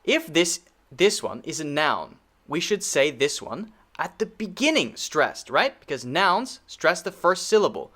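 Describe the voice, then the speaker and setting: A man teaching an English pronunciation video lesson, patient, repeating words slowly for drilling and checking in with a frequent "okay?". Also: a little high, sing-song, a bit bright, husky.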